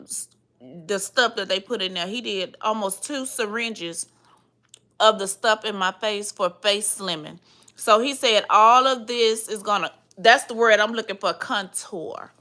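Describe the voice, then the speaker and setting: A young woman chatting casually to her viewers, animated and slangy, her face swollen after surgery. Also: medium pitch. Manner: animated storytelling, laughs and squeals loudly; slangy, calls viewers y'all and cousin. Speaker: vlogger.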